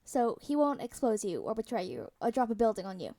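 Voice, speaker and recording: A woman's voice: on the high side, sing-song, fairly quick, dark tone. A woman reading the lines of a brash, rambling, protective middle-aged man in a story read aloud. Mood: fatherly.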